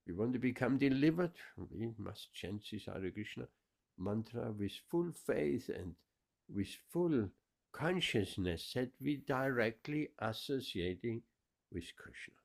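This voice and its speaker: A man's voice: mid-range voice, lively intonation, a little slow, vocal fry. A man giving a scripture class, explaining verses with emphatic repetition. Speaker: spiritual teacher.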